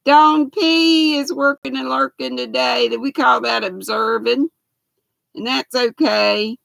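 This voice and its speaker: An older woman from the greets her viewers one by one at a slow, unhurried pace. Her voice is gravelly and a bit high, and the sound is close and dry with no room echo. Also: animated, a bit bright. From United States. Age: 60s. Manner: greets viewers by name, reads chat aloud. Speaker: livestream host. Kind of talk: casual livestream chat.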